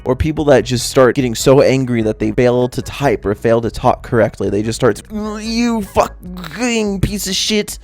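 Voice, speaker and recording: Gravelly young man ranting about gamers. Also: mid-range voice, a little mellow. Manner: blunt, profane, exasperated. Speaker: gaming video creator. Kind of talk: ranting commentary video. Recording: faint background music.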